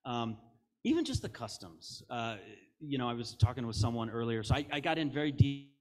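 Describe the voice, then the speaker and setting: A man's voice: medium pitch, big pitch swings, brisk. A middle-aged American man giving a conference keynote on stage, candid and jokey, telling stories with quoted asides. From United States. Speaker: keynote speaker.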